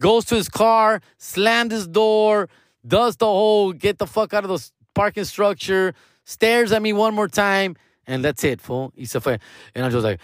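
A man's voice: high-pitched, moderate pace, dry recording, studio quality. A young man telling a story in profane, slangy street talk, dropping Spanish words, as a comedian. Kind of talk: casual storytelling.

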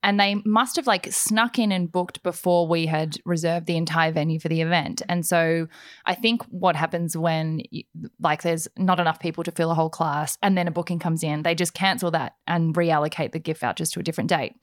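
A woman's voice: low-pitched, steady tone, brisk, dry recording, clean studio sound. A young woman hosting a podcast, chatting casually in a bubbly way. She laughs often and acts out what people said. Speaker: podcast host. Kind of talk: casual chat.

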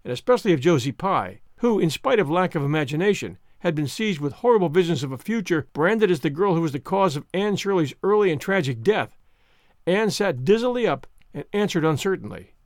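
Male narrator, high animated voice, expressive storytelling, dry close sound. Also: a little fast, no room sound. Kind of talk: audiobook narration.

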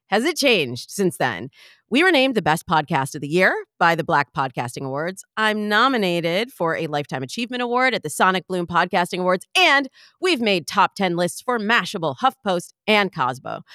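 A middle-aged woman, a dating coach, hosting her podcast in a bubbly, playful, animated way. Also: fairly low pitch, dry recording, studio quality. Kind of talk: podcast monologue.

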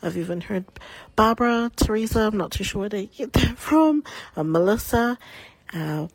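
A woman's voice: medium pitch, lively intonation, normal speed, no echo. A woman with a New Zealand accent telling a story in a voice message, in a dry, matter-of-fact way. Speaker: listener sending in a story. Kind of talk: recorded voice message.

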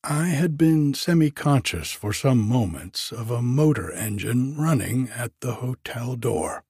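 A man narrating an audiobook in a measured, even way. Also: medium pitch, breathy edge, no echo, studio quality.

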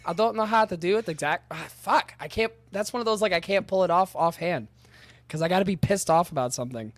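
A man from Michigan with a fairly high voice chats casually on a podcast. The recording is dry, and he swears often and jokes at his own expense. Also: fairly quick, no echo. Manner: swears, self-deprecating. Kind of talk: casual chat.

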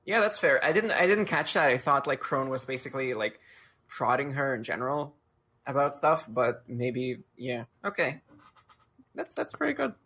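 Co-host, casual, hesitant thinker, bright husky voice, wildly swinging pitch. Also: big pitch swings, moderate pace. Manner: hesitant, thinking aloud with restarts. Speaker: podcast co-host. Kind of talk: casual chat.

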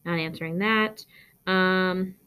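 A woman's voice: lowish voice, steady tone, slow, bright, forceful tone, clean tone. A young woman podcast host from Arizona, chatting casually through listener questions, rambling with lots of ums and likes, blunt and profane. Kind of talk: casual Q&A chat.

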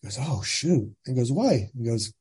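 A husky-voiced man in his sixties from California, settling into a long casual story. His voice sits on the dark, mellow side. He talks plainly and jumps into other people's voices when he quotes them. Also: mid-range voice, moderate pace. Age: 60s. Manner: animated storyteller, acts out quoted dialogue. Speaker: guest.

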